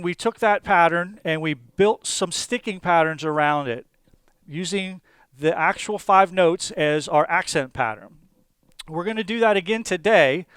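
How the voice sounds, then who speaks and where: A man teaching a drum lesson, explaining patterns step by step in a calm, methodical way with small fillers. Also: a little high, clear, resonant tone, dry recording. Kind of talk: instructional explanation.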